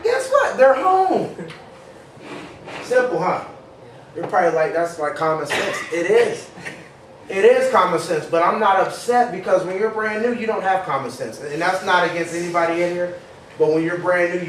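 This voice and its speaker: A man's voice: high-pitched, moderate pace. A man running a sales workshop, talking energetically to a group, often repeating words as he starts a thought. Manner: acts out phone calls in a raised voice. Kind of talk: live training talk to a group. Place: workshop room. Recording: echoey room from far off, faint noise.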